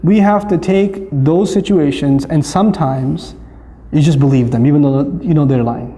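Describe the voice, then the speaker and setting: A man with a fairly high, mellow voice gives a humorous talk on parenting and acts out family scenes as he goes. His voice carries long reverb, as in a large hall. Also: moderate pace. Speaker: speaker.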